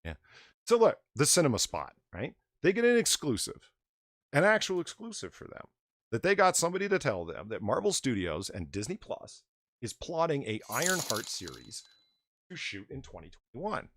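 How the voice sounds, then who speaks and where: Studio-quality audio with no room sound captures a male stream host chatting casually. His mid-range voice moves at a moderate pace as he rambles animatedly and reads donations aloud.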